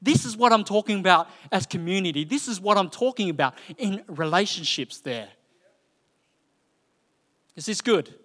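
Male preacher, chatty and animated, slightly high voice, long reverb from a church hall. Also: moderate pace, long pauses. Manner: conversational, animated storytelling with frequent fillers. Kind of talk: sermon.

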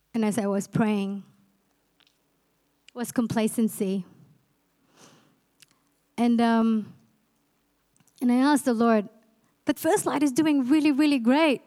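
A woman's voice: a little high, mellow. A woman in her forties preaching a sermon, passionate and exhorting, asking the congregation rhetorical questions. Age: 40s. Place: church.

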